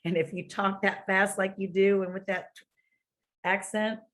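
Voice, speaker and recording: A woman co-hosting a podcast in casual chat, joking around and quick to laugh. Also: medium pitch, level tone, a bit bright. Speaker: podcast co-host.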